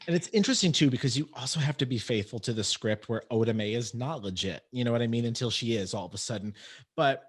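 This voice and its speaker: A man hosting an interview podcast, talking casually and rambling with many restarts as he explains his work as a medium. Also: medium pitch. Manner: chatty, rambling with frequent restarts.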